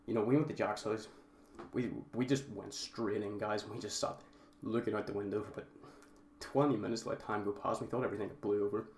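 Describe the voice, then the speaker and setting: A man's voice: on the low side, fairly even intonation, a little fast, a little mellow. A young man casually telling a story to his viewers, rambling and often calling them guys. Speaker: vlogger. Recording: roomy echo, faint background noise.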